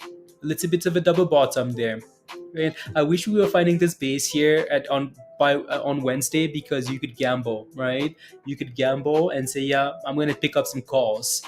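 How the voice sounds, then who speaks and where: A man's voice: mid-range voice, fairly even intonation, moderate pace, soft background music. A man hosting a casual day-trading livestream, talking through charts and answering chat questions, rambling with frequent chuckles and fillers.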